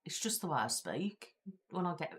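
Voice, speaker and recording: A woman's voice: on the low side, sing-song, moderate pace, a bit bright. A woman with a British accent, hosting a casual live-stream chat, rambling and reading viewer comments aloud from her chair at home. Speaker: ASMR channel host.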